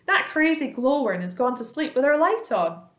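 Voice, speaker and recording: A woman doing a bossy shouting centipede. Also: high voice, sing-song, moderate pace, pitched above the performer's own voice. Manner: shouting and scolding. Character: bossy loud male centipede, grumpy. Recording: roomy echo.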